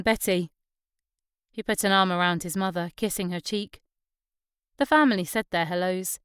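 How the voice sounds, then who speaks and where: A woman's voice: medium pitch, smooth, no room sound, studio quality. A woman narrating an audiobook. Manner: gentle storytelling, giving characters light voices. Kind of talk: scripted narration.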